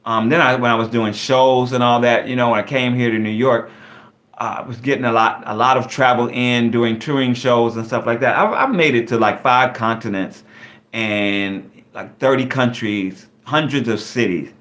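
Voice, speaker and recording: A man's voice: mid-range voice, moderate pace, a bit bright. A man hosting a live online Q&A, chatting casually and rambling with many fillers. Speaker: live stream host.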